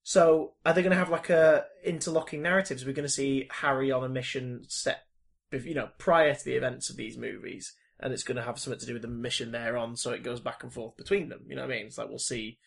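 A man co-hosting a casual film chat, excitable and animated, laughing often. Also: mid-range voice, fast talker, vocal fry. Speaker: podcast co-host.

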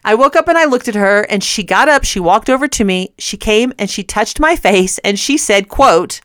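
A woman's voice: mid-range voice, lively intonation, moderate pace, hardly any pauses, fairly bright tone, dry recording, studio quality. A middle-aged woman hosting a Christian radio show, telling a personal story earnestly and often laughing mid-sentence.

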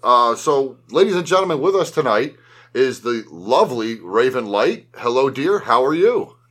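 A man hosting a casual late-night podcast with an average-pitched voice. He rambles, starts sentences over and laughs easily. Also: very animated, moderate pace, a bit bright. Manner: rambling, laughing, restarts often. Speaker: podcast host. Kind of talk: casual chat.

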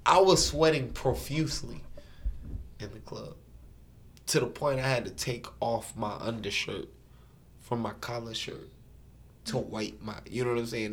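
A man's voice: mid-range voice, a little slow, pauses often, slight background noise. A tipsy male podcast guest with a mid-range voice. He tells a story casually, bragging about himself and talking in heavy slang. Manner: boastful, slangy.

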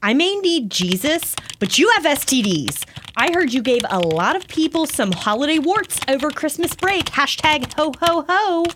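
A woman's voice: high-pitched, big pitch swings, normal speed, hardly any pauses, background noise. Woman reading as a bragging party-girl woman. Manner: bragging, catty social-media talk. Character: boastful party-girl woman near forty.

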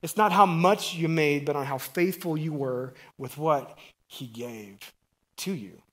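A middle-aged man preaching a conversational, energetic sermon, loud on emphasis and hushed on asides. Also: fairly high pitch, a little slow.

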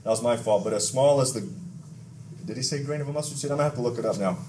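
A pastor from Texas, preaching a conversational sermon with asides, stories and questions to the congregation. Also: male voice, medium pitch, racing, warm tone, a little hiss or hum.

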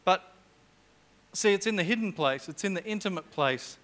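A man's voice: sits high, animated, normal speed, fairly bright tone. A middle-aged man preaching a sermon in a church, chatty and jokey, with humorous asides.

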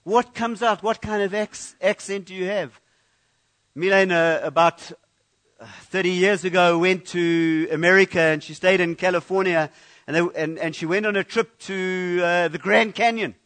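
High-voiced man preaching a sermon. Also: fairly even intonation, moderate pace, a bit bright. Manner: conversational preaching with frequent restarts and repeated words. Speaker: pastor. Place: church.

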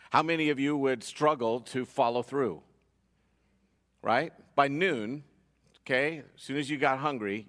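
A man preaching a sermon as pastor, earnest, his voice rising and dropping as he presses each point. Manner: earnest preaching, rises and falls in pitch and loudness. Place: church sanctuary. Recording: long reverb of a church hall.

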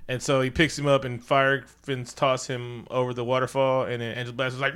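Animated bright-voiced man recapping. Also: brisk, few pauses, clear, resonant tone. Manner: animated retelling, acts out characters in exaggerated high voices. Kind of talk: casual movie recap chat.

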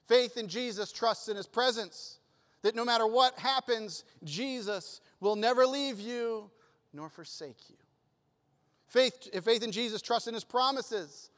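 A middle-aged man preaching to a church, telling a personal story with lively swings between quiet and loud. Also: sits high, in a large hall. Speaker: pastor. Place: church sanctuary.

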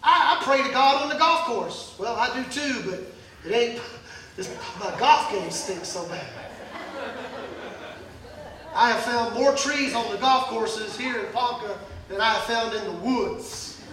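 A man's voice: very high-pitched, a little slow, very echoey, recorded from a distance, noisy background. A male pastor preaching a sermon in a church, folksy and joking, acting out Bible scenes. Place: church sanctuary.

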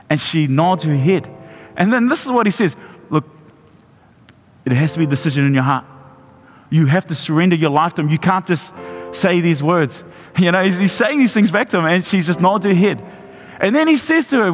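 A man, a pastor preaching a sermon and telling a personal story, often restarting and repeating his words. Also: sits high. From New Zealand. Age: 40s. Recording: long hall reverb with music behind.

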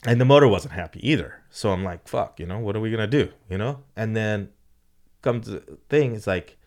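A man with a lowish voice talking in an easy, rambling way, filling gaps with "you know" and dropping plenty of swear words. He picks up energy and jumps higher whenever he retells what someone said. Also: fairly quick. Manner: animated when retelling, voice jumps up for quoted lines. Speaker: drag racing team owner. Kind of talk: casual podcast chat.

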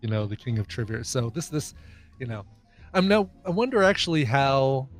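A man's voice: medium pitch, sing-song, normal speed, faint music behind. A man co-hosting a podcast in casual chat, teasing and playful. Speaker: podcast co-host.

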